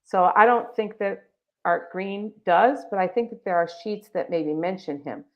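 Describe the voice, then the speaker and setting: A woman's voice: mid-range voice, normal speed. A woman presenting a live webinar, walking viewers through a website in a chatty, enthusiastic way with many fillers. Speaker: webinar presenter for a text library. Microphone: video call. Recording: dull lo-fi video call audio.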